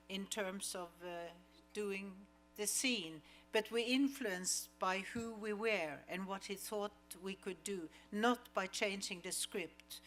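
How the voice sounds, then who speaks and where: A woman in a cinema auditorium takes an audience question on a handheld mic and answers at a slow, deliberate pace. Her voice sits at an ordinary middle pitch. She tells her stories in a measured way and acts out the lines she quotes. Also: fairly bright tone. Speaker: actress, guest at a screening Q&A. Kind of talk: audience Q&A storytelling.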